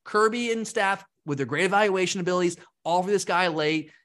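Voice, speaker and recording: A man co-hosting a sports podcast, talking fast and rambling, with lively asides. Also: high voice. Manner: animated, rambling, mimics fans in quotes. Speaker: podcast co-host. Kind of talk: casual sports talk.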